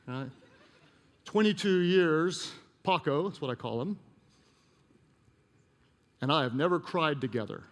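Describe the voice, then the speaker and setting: Guy preaching a sermon, kinda gravelly, goes real quiet on the emotional bits, big echoey church. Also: mid-range voice. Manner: storytelling, drops to a hushed voice for emotional moments. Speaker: pastor. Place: church auditorium.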